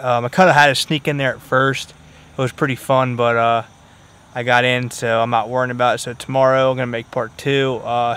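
A man's voice: mid-range voice, a bit bright, clean tone. A man vlogging his fishing by a pond outdoors, talking casually to viewers in an easygoing, chatty way with plenty of ums and uhs. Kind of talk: casual vlog talk to viewers.

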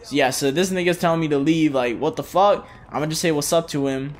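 Excitable young man cursing through gameplay. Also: fairly high pitch, brisk. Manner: excitable, heavy swearing and slang. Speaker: gameplay commentator. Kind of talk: casual let's-play commentary.

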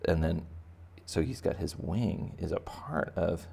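Male art teacher for kids, low and gravelly, playful chatty delivery. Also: a little slow, warm tone. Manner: playful, chatty, talks to children directly. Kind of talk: step-by-step drawing lesson for kids.

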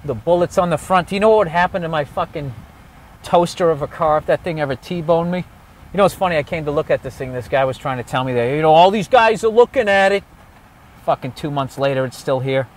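A man doing comedy as he walks a city street outdoors, ranting loudly and sarcastically and swearing constantly. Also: fairly high pitch, quick pace. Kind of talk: profane ranting walking tour.

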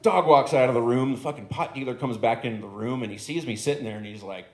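A man's voice: medium pitch, fast, a little mellow. Profane man telling stand-up stories. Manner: rambling, profane, conversational. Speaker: stand-up comedian. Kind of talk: stand-up comedy storytelling. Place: comedy club stage. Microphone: handheld stage microphone. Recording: echoey club room.

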